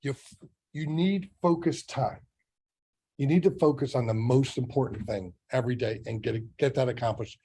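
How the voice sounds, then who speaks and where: Here a middle-aged man, a real estate sales trainer, runs a motivational training session for sales agents at a moderate pace. His voice is mellow with a breathy edge and pitched in the everyday male middle, and he chats casually while repeatedly asking "right?" and other rhetorical questions.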